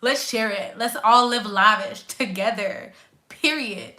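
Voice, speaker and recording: A woman from Quebec hosts a casual live chat and answers her viewers' comments. Her voice is bright and a little high. She talks in a hyped, slangy way and repeats words for emphasis. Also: a little slow. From Quebec, Canada. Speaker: nurse and YouTuber hosting a live chat.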